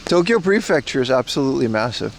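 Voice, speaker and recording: A man's voice: mid-range voice, sing-song, quick pace, gravelly, slight background noise, low-quality recording. A man from the Netherlands hosting a casual outdoor livestream, rambling and laughing as he walks through a rainy mountain town. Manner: chatty, rambling, laughs often. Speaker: livestream host. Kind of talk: casual IRL livestream chat.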